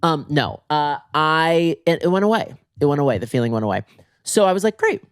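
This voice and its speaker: A man hosting a podcast in a comic monologue, theatrical and swinging his pitch for emphasis, slightly hoarse from being sick, recorded in bed at home. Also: expressive, brisk, dry recording, studio quality. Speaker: podcast host.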